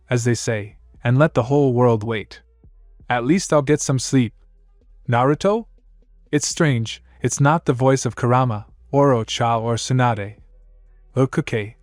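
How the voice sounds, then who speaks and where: A man's voice: mid-range voice, no room sound, clean studio sound. A man narrating a first-person fan fiction story with a wry, complaining inner monologue.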